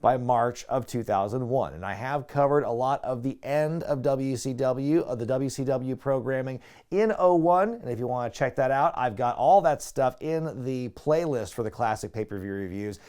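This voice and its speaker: A man giving a casual, chatty review of an old wrestling show, excitable and prone to laughing at his own asides. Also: mid-range voice, normal speed, clear, resonant tone. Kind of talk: casual video review commentary.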